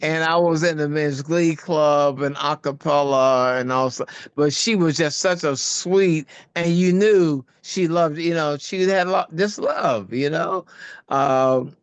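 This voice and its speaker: Older man, smooth resonant voice, dry close sound, lively storytelling guest, halting restarts. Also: no room sound. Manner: animated storyteller, voice jumping high for quoted asides; halting, many restarts and fillers. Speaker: actor and guest. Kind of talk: casual interview chat.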